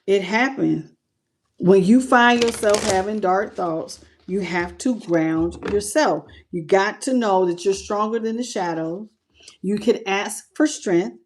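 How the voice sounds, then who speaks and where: A woman's voice: medium pitch, measured pace, a little hiss or hum. Woman, spiritual channel host; earnest, loose conversational delivery. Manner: earnest and intimate, with loose casual phrasing. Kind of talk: casual livestream talk to viewers.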